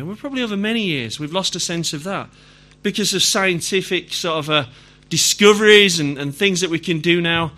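A middle-aged Yorkshire man preaching a sermon to a congregation. His voice sits high and sounds bright and forceful. He talks in a chatty way and often asks his listeners questions. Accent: Yorkshire English. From Yorkshire, England.

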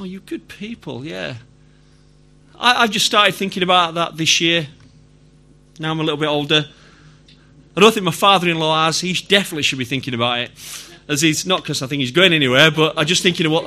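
A man's voice: a little high, a little fast, pushed and bright. A middle-aged man with a Yorkshire accent preaching a sermon in a conversational way, putting questions to the congregation. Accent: Yorkshire English. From Yorkshire, England.

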